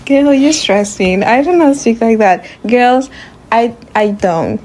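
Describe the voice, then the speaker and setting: A giggly mother trades playful teasing with her daughter, laughing between her lines. Her voice sits a little high, and she takes her time with her words. A faint hiss runs underneath. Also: takes it slowly. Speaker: mother and channel host. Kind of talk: playful family chat.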